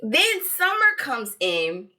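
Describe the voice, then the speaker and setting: A woman co-host recaps reality TV in loose, animated chat. Her voice is bright and a little high, and her pitch swings widely. She talks bluntly, swears freely, and breaks into laughter often. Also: slow. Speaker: podcast co-host.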